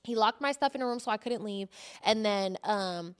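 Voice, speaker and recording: A woman co-hosting a podcast, telling a story in animated, casual chat and swearing often. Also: medium pitch, moderate pace, clean tone. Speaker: podcast co-host.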